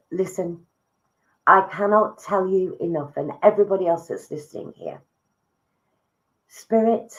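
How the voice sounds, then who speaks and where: A woman giving live psychic readings, soft and emotive, calling listeners darling. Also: on the low side, poor audio. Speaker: psychic medium.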